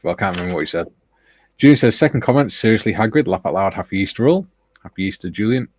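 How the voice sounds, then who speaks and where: A man's voice: lowish voice, lively intonation, fast, darkish tone, slight background noise. A man hosting a live panel, reading out the viewer chat and greeting each person in a jokey, chuckling way. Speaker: host. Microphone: video call.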